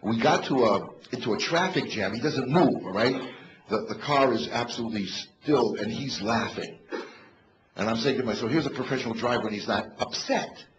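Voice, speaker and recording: An older man giving a funny motivational talk on stage to a live audience, animated and storytelling. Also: medium pitch, moderate pace. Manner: animated storyteller, bursts into shouts to rouse the crowd. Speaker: motivational comedian. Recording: echoey, dull live hall recording with noise.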